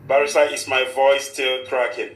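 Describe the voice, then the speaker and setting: A man's voice: mid-range voice, flat delivery, normal speed, a bit bright, roomy sound, rough recording. A man hosting a live radio show in a formal, repetitive manner, with a short prayer. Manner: formal, repeats "of course" often. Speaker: radio host.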